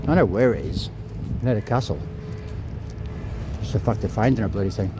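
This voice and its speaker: This casual walking vlog features a travel vlogger in his 50s rambling as he makes his way through city streets outdoors, slightly winded, cursing and saying sorry for it. He speaks at a moderate pace in a fairly low, expressive voice. Street noise comes through on the clip-on mic attached to his phone.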